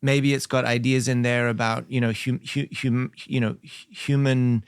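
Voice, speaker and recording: A man's voice: medium pitch, flat delivery, normal speed, smooth, no room sound, clean studio sound. A man hosting an interview, talking casually and often affirming his guest with short replies. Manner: casual, frequent affirming backchannel. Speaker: show host. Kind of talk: conversational interview.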